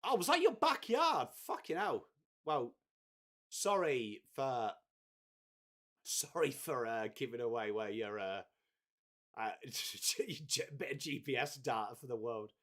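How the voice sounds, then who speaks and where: Sweary stream host. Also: male voice, medium pitch, expressive, slow, fairly bright tone. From England. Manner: chatty, swears freely, greets viewers by name. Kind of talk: casual live watchalong chat.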